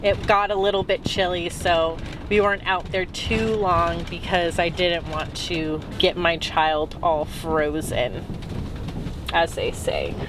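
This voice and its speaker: A woman's voice: fairly low pitch, fairly even intonation, measured pace, few pauses, noisy background. A woman recapping her travels in a casual, rambling way, full of "um"s and "like"s. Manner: chatty and rambling, with many "um"s and "like"s. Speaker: travel vlogger.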